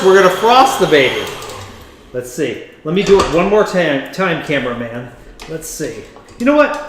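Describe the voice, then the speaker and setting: A man's voice: on the high side, fairly bright tone, roomy sound, slight background noise. A man hosting a home cooking video, chatting playfully and teasing his cameraman as he mixes. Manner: playful, camp, talks to the cameraman and to the food.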